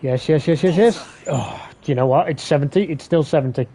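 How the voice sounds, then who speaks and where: A man commentating his own video game play on a live stream, swearing often and getting excitable. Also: on the high side, brisk, slightly rough. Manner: sweary, excitable, talks to himself while playing.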